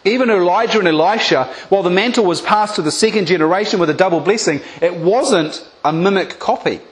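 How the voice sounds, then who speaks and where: A man delivers a sermon in a fairly high voice. He retells scripture with dramatic flair, voicing its characters before turning to speak plainly and urgently to his listeners. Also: brisk. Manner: animated storytelling, acting out biblical voices. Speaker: preacher.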